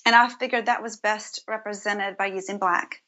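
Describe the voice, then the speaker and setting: A woman in her thirties, an interview guest, telling her story earnestly and warmly with soft restarts. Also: mid-range voice, fairly even intonation, normal speed, highs cut off. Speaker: podcast guest, creator of a Bible study method. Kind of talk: casual conversational interview.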